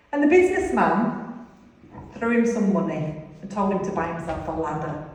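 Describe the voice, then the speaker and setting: A woman with a fairly low, darkish voice gives an earnest, confessional testimony sermon at a recovery ministry, telling a story. She is in a large hall, and the distant mic picks up heavy echo.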